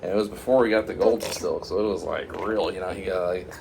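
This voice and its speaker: A man telling an improvised comic story in a rambling, halting way, with lots of restarts. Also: deep voice, creaky, noisy background.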